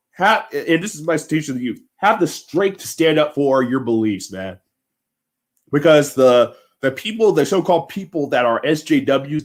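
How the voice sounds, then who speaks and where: A man vlogging an impassioned, rambling monologue, emotional and emphatic, repeatedly checking in with his listeners. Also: mid-range voice. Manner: heated, rambling, emphatic with repeated tag questions.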